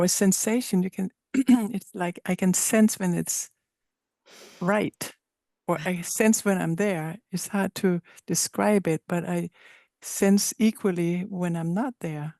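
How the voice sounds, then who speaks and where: Slow, gravelly woman searching for words. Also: on the low side, warm tone, dry recording, clean studio sound. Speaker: student.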